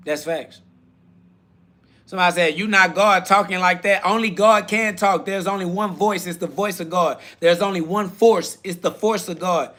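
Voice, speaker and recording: Speaking at normal speed in a pushed, bright voice, a man hosts a live self-talk podcast. Short slogans get repeated as he preaches, quoted critics get crude-slang comebacks, and his voice cracks up into high shrieks when he's heated.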